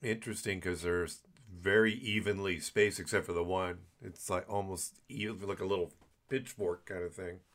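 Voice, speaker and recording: A man hosting a casual interview podcast, giving relaxed, short encouraging replies and follow-up questions. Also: deep voice, normal speed. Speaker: podcast host.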